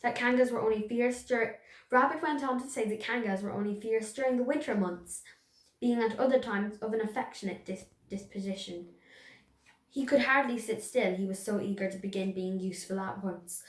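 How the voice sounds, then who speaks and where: A young girl reading a children's story aloud, voicing the animals and stumbling over a few words. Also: a little high. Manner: reads slowly, voices characters, small stumbles and restarts. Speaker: reader. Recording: echoey room.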